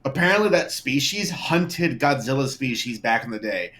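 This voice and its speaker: A man's voice: medium pitch, expressive, moderate pace, a bit bright. A man co-hosting a casual podcast, chatting and chiming in with friends. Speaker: podcast co-host.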